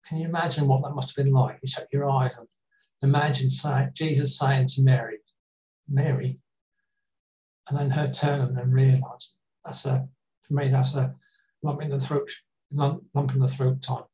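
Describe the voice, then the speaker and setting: Guy giving a sermon, relaxed and chatty, sounds a bit far from the mic. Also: mid-range voice, muffled recording. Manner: conversational, gently humorous, with pauses and restarts. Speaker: preacher.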